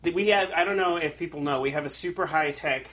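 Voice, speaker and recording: A man's voice: fairly high pitch, quick pace, a bit bright. A man hosting a casual podcast chat, talking loosely with restarts and easy laughs, recorded in a small home setup. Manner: chatty, trails off and restarts, laughs easily. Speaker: podcast host. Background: faint refrigerator hum.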